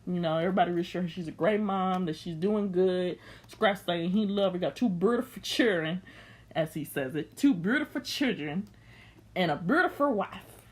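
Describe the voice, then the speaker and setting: A woman's voice: fairly low pitch, moderate pace. A young woman recapping a reality show in blunt, slangy, sassy chat, unscripted.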